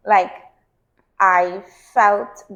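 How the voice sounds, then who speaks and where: A young adult woman, a behaviour analyst guest, calmly explaining and telling stories from her own life in a casual podcast chat. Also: medium pitch, extremely slow, muffled recording. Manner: calm, explanatory, tells personal stories. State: pregnant.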